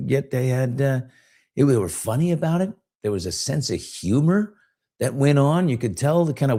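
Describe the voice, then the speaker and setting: A man's voice: mid-range voice, warm tone, husky. An older man, hosting a podcast in loose, conversational commentary, reading comments aloud and often trailing off and restarting. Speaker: podcast host. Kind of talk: casual commentary. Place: studio.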